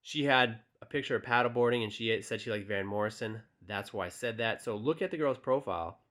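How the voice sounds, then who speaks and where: Fairly quick and lowish-voiced, the young man coaching on dating sounds relaxed and direct. He chats casually with heaps of fillers, reading text messages aloud as part of his tutorial.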